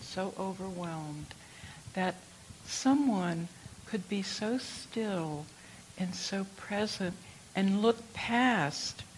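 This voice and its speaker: An older woman giving a reflective Buddhist dharma talk, telling stories gently. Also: medium pitch, creaky, a little hiss or hum, poor audio. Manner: slow, reflective, gentle storytelling. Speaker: Buddhist teacher.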